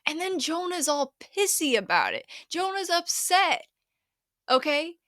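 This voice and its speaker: A woman's voice: very high-pitched, sing-song, unhurried, a bit bright, no echo, studio quality. A young woman hosting a casual solo podcast, chatty and slangy, laughing often as she retells a story in her own words. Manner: chatty, laughs often, paraphrases scripture in slangy put-on voices. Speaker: podcast host.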